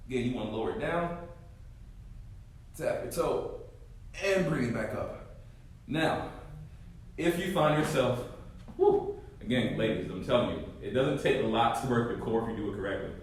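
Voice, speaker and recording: A male fitness coach demonstrating core exercises, talking listeners through each move and often checking with a quick "right?". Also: medium pitch, expressive, slight background noise. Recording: very echoey room, mic far off.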